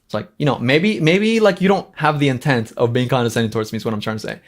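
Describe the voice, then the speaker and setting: Sassy animated male streamer. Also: mid-range voice, fast. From Los Angeles. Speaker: channel host. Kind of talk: livestream commentary.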